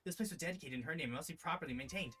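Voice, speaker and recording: Brief: imperious old fire goddess, man putting her on, grandiose and scolding, quick bright delivery. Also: on the high side, faint music behind. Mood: haughty. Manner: grandiose, scolding, formal speech.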